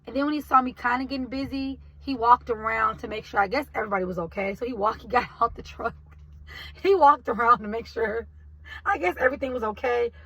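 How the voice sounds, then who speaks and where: Talking directly to her viewers and calling them "y'all", a basket maker shares news of her business in a casual, emotional vlog. She speaks fairly quickly in a high-leaning voice that's bright and forceful, over a rough recording.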